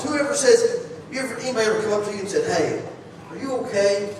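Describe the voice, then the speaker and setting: Man preaching, high voice, very echoey hall, far from the mic, faint noise. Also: animated, fast. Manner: conversational, repeats and restarts phrases, asks the congregation questions. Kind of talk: sermon. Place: church sanctuary.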